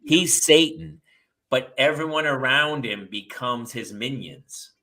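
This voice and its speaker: A man hosting a casual comedy chat, talking in an animated, jokey way. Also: mid-range voice, slow pace. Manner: animated, jokey, jumps into silly voices. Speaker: host.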